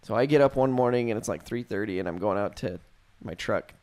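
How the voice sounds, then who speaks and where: A man's voice: on the low side, fairly quick, darkish tone. A young man telling a spooky story to friends in a loose, profane, casual way, full of fillers. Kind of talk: casual chat.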